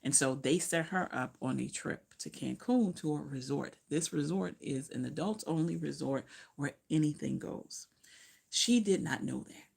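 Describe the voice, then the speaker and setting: A woman's voice: low-pitched, measured pace, creaky, darkish tone, slightly rough. A woman casually recapping a romance novel she just read, chatty and profane, often losing track and correcting herself. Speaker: book reviewer.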